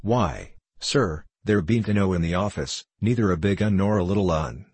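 A man's voice: sits low, moderate pace, darkish tone, slightly rough, dry recording. A man voicing a cocky twelve-year-old printer's boy who talks in a drawling country dialect. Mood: sly, earnest.

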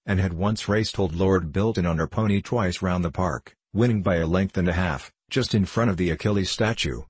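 A man narrating a classic novel as an audiobook, in a measured storytelling manner. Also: low voice, slightly rough, no echo. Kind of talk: scripted narration.

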